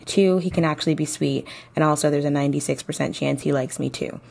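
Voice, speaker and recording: A woman's voice: sits low, fast, creaky, darkish tone. A young woman hosting a casual advice podcast, chatty and playful like a big sister, a little tired. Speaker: podcast host.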